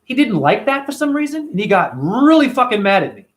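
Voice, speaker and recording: A man's voice: extremely high pitch, very animated, fairly quick. A man hosting a casual livestream, talking animatedly and profanely and answering viewers by name. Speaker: livestream host reading chat.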